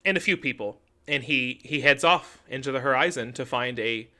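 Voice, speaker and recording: A man's voice: medium pitch, moderate pace, pushed and bright. A young adult man co-hosting a podcast, chatting casually and acting out characters' lines as he retells a story. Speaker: podcast co-host. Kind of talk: casual chat.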